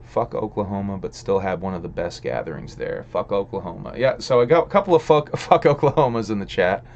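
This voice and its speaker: A man with a somewhat low voice hosts a casual livestream, talking loosely with lots of swearing and filler. He rambles from thought to thought and answers his viewers' chat messages as he goes. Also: very animated, brisk, darkish tone, muffled recording, slight background noise. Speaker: livestream host reading chat.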